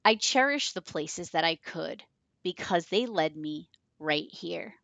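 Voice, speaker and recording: A woman's voice: lowish voice, expressive, slow, gravelly, fairly bright tone, no echo. A woman in her forties hosting a podcast, chatty and enthusiastic as she talks about her work and tells stories. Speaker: podcast host. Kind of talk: podcast intro monologue.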